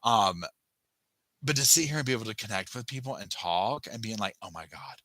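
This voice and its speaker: A man with a lowish voice and a very bright, forceful edge hosts a casual live chat. He rambles and cuts himself off mid-sentence, and he thanks viewers by name as he goes. The sound is dry and close, with no room echo. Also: lively intonation, fairly quick. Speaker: livestream host.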